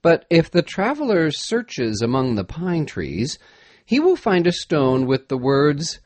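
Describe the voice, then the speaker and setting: A man reading an adventure story aloud in an expressive, dramatic manner. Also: fairly low pitch, a little slow, no room sound. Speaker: narrator. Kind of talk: storybook narration.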